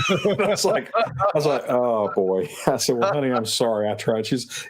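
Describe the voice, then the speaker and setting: A man's voice: medium pitch, expressive, normal speed. A man in casual chat, telling long rambling family anecdotes as a guest on a talk stream.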